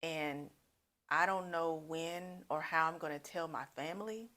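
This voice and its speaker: A woman's voice: sits low, measured pace, sharp tone. A woman voicing a young lesbian woman telling a man she is gay, speaking earnestly. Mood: apologetic.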